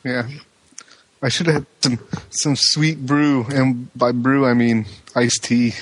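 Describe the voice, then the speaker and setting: A man's voice: medium pitch, little pitch movement, slow, slightly rough. A man co-hosting a card game podcast, joking about his own bad luck in casual chat. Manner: self-mocking, joking.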